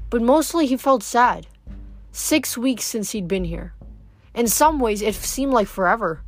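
A woman reading a novel aloud in a steady, even way. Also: mid-range voice. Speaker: audiobook reader.

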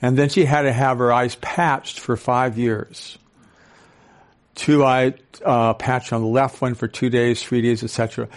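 Older male speaker, sixties, animated, audience questions, storytelling. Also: mid-range voice, unhurried. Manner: storytelling with acted-out quotes. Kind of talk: talk to a live audience.

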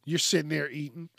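A man's voice: a little high, a bit bright, slight background noise. A man hosting a solo podcast, ranting casually and bluntly with plenty of swearing. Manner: profane, ranting, blunt and conversational. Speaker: podcast host.

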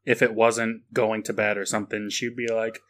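A man's voice: on the low side, flat delivery, moderate pace. A man hosting a casual podcast, opening the show and teasing his co-host with dry humor. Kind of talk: casual chat.

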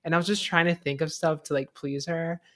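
A woman's voice: sits low, steady tone, brisk, fairly bright tone. A young woman co-hosting a podcast, telling a story in a casual, rambling way, full of fillers and swearing. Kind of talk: casual chat.

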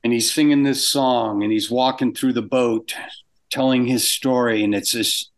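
An older man telling anecdotes in a casual interview, acting out quoted exchanges with animated shifts in pitch. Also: moderate pace. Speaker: guest animator.

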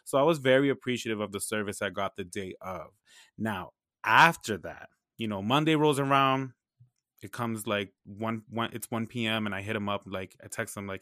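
A man's voice: fairly low pitch, moderate pace, pushed and bright, dry recording, clean studio sound. A young man telling a story in a casual, slangy, profane way, acting out the back-and-forth dialogue.

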